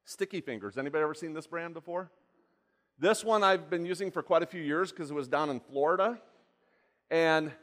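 A man's voice: on the high side, a bit bright. A man giving a live cooking demonstration, chatty and rambling, often asking the audience questions. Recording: long hall reverb.

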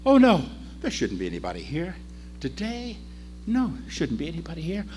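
A man voicing a Samaritan woman, shamed at first and then eager, in a high, breathless storytelling voice within a sermon. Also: huge pitch swings, brisk, a little mellow, slight background noise. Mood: worried.

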